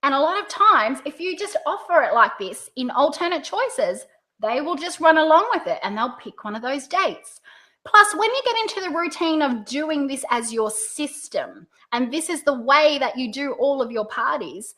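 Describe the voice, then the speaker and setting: An Australian woman coaching direct sellers in a video lesson, upbeat and playing up her rising and falling pitch. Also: sing-song, moderate pace, pushed and bright. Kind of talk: video tutorial.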